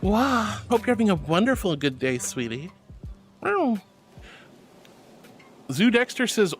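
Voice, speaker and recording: A woman's voice: mid-range voice, very animated, a little slow, pauses often, faint music behind. A woman streamer chatting casually on a livestream, playful and theatrical, slipping into grand mock-solemn tones. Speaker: VTuber streamer.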